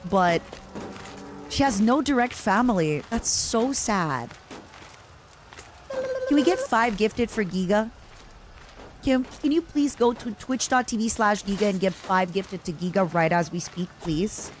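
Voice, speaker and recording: Young woman gaming on stream, talks to chat, over-the-top reactions, mid pitch. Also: lively intonation, measured pace, pauses often, slight background noise. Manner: chatty, dramatic, talks to chat and the game. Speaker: VTuber streamer. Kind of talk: casual gameplay commentary.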